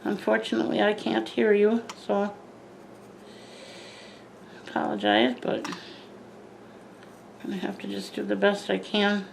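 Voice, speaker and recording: A woman's voice: mid-range voice, completely flat delivery, unhurried, gravelly, pauses often, slight background noise, low-quality recording. An older woman chatting casually to the camera as a plant vlogger, rambling with lots of asides and self-corrections.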